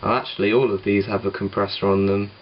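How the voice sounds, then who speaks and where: A man's voice: on the low side, flat delivery, fast, highs cut off, a little hiss or hum. A man casually explaining how he made his song at home, rambling and self-deprecating, with lots of ums and restarts. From England. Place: home room with guitar gear.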